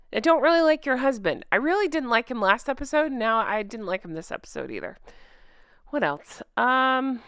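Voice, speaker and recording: A woman recaps a TV episode in an exasperated, sarcastic rant, breaking off mid-thought. Her voice is smooth and clear, and it swings widely up and down. The recording is dry and close. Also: fairly high pitch, a bit bright, no echo. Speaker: show recap host. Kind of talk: ranting TV recap.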